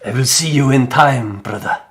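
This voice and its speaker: A man's voice: medium pitch, close to an everyday voice. A man doing a solemn, grieving kobold warrior. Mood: resolute. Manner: solemn, halting, stammering in grief.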